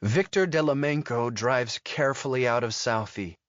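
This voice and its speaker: A man narrating a thriller audiobook in a steady, measured storytelling manner. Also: mid-range voice, no room sound, dull audio. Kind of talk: scripted narration.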